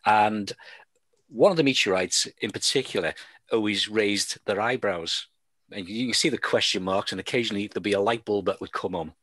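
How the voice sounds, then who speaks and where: A man's voice: on the low side, brisk, sharp tone, no room sound. A man with a Liverpool accent hosting a radio show, chatting with a guest over a video call and telling long stories full of fillers and restarts. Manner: rambling storyteller, many fillers and restarts. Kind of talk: casual chat with a guest.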